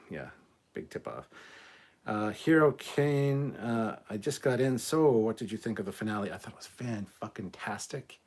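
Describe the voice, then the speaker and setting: Husky, chatty, swearing livestream host. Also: male voice, fairly low pitch, a little mellow. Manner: chatty, swears freely, laughs at himself. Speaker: livestream host reading viewer chat. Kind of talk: casual live chat.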